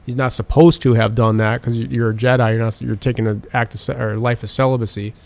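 A man's voice: mid-range voice, level tone, fast, gravelly, a little mellow. A man in casual chat, animatedly retelling film scenes with lots of swearing and filler. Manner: profane, rambling storytelling.

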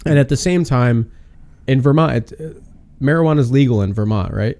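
A man casually recounting a wild night to friends, rambling and animated, with plenty of filler words. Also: mid-range voice, brisk. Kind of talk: casual storytelling chat.

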